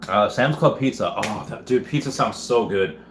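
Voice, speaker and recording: A man with a low voice hosts a casual livestream and rambles through viewer chats, restarting his sentences and laughing along. His voice rings in an echoey room with a faint hiss behind it. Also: moderate pace.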